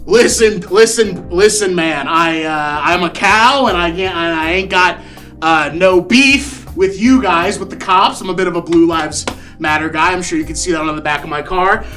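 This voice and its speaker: A man voicing a goofy, bumbling male cow in an improv comedy scene, with loud, exaggerated put-on regional accents. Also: sits high, moderate pace, soft background music. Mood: rambling.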